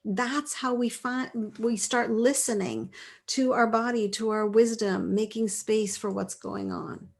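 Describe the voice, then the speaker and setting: Slow, gently affirming woman teacher. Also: on the high side, fairly even intonation, vocal fry. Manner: gentle, affirming, laughs often. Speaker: course leader. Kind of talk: live online class, reading out chat replies.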